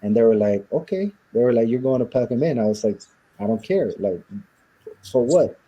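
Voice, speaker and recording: A man from Southern California speaks as an interview guest in a very dark, mellow voice with a husky edge. He tells his story bluntly and with rough language, and he acts out the lines of the people in it. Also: mid-range voice, fairly quick, highs cut off.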